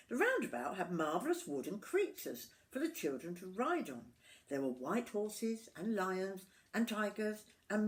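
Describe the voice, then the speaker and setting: Expressive older woman reading a storybook. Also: on the low side. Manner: expressive, with asides to the listener.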